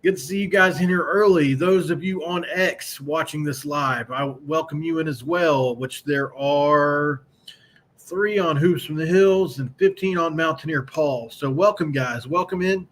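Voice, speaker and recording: A man's voice: a little high, measured pace, a bit bright. A man hosting a casual live-streamed sports talk show, speaking in a loose, rambling way and greeting chat viewers by name.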